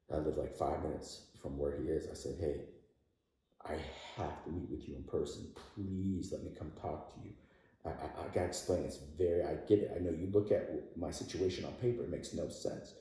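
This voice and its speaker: A man with a deep, mellow voice tells an emotional story from his life as a podcast guest. He laughs often and grows animated as he retells it. He sits back from the mic in a strongly echoing room. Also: normal speed. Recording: very roomy echo, distant from mic.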